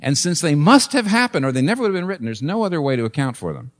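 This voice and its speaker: A man's voice: on the high side, very animated, rapid-fire. A man preaching a sermon as pastor, emphatic, repeating phrases and asking rhetorical questions. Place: church.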